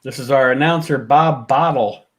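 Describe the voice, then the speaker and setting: A man co-hosting a casual chat, reading out old match results in an unhurried way and chuckling often. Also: mid-range voice. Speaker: podcast co-host.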